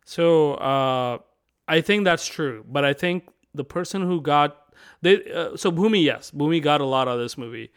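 A man's voice: a little high, moderate pace, smooth. A man co-hosting a casual film review chat, asking questions and reading out review quotes. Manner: inquisitive, poses questions and reads review quotes. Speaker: podcast co-host.

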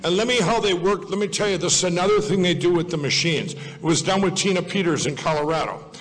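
A man's voice: high voice, fast. A man giving a rambling public speech to an audience, digressive and folksy, often correcting himself mid-sentence. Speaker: speaker at a political event. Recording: long reverb of a large hall.

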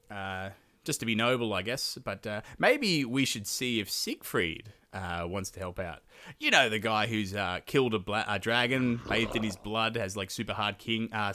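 A man hosting a solo podcast, retelling an old legend with swearing and rambling asides. His voice is bright and forward, and his pitch swings around with lively energy. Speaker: podcast host. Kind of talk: casual comedic retelling of a legend.

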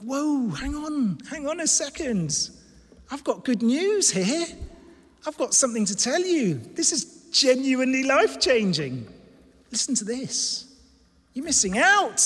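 A man's voice: high-pitched, slow pace, fairly bright tone. A man voicing an urgent pleading ancient preacher. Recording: long reverb of a large hall.

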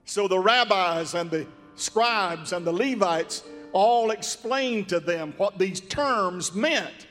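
A man preaching a sermon in a folksy, drawn-out, emphatic way. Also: high-pitched, fairly bright tone, big-room sound, soft background music. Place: church sanctuary.

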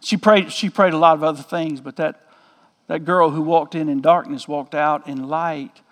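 A man's voice: a little high, steady tone, normal speed, fairly bright tone, long reverb tail. A man, a pastor telling a story in a folksy, joking sermon.

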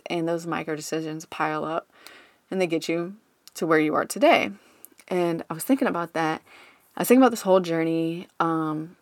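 A woman's voice: low voice, fairly bright tone, dry recording. A woman hosting her own podcast, talking candidly in a casual solo monologue and swearing now and then. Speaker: podcast host. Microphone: studio microphone.

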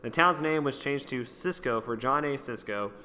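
A man's voice: mid-range voice, moderate pace, pushed and bright. A man co-hosting a podcast, reading history notes aloud in a loose, joking way with fillers and self-corrections. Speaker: podcast co-host.

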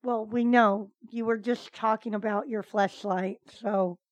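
A woman's voice: mid-range voice, fairly even intonation, a little slow, dry recording. A woman co-hosting a comedy podcast, teasing the others playfully. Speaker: podcast co-host. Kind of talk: casual comedy podcast chat.

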